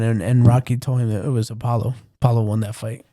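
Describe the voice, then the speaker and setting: A young man co-hosting a podcast in casual chat, retelling scenes with animated energy. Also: mid-range voice, fast talker. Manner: animated storyteller, acts out scenes. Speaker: podcast co-host.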